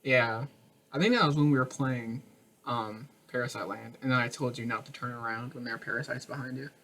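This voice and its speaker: A man's voice: mid-range voice, fairly quick, pushed and bright. A man co-hosting a casual gaming podcast, rambling with lots of fillers and frequent laughter. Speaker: podcast co-host. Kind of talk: casual chat.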